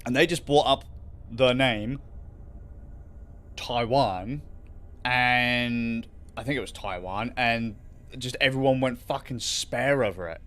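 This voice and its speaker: A man's voice: mid-range voice, slow, long pauses, fairly bright tone. A man hosting a livestream in casual, rambling chat, swearing freely and laughing often. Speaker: livestream host.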